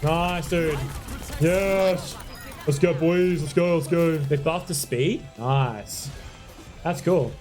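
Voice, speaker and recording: A man's voice: fairly high pitch, slow pace, soft background music. A young man streaming a game live, chatting to viewers, yelping and apologizing as he plays. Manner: excitable, yelps and apologizes, chats to viewers. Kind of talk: live gameplay commentary.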